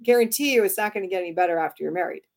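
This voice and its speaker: Guest author, woman, conversational and animated, acts out the dialogue in her stories, mid-range voice. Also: mid-range voice, racing. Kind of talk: conversational interview.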